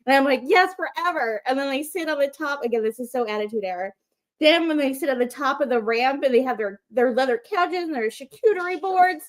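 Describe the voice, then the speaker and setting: A podcast co-host on a wrestling talk show, this woman chats casually, gushing and telling animated stories full of fillers. Her voice is high-pitched and a little fast.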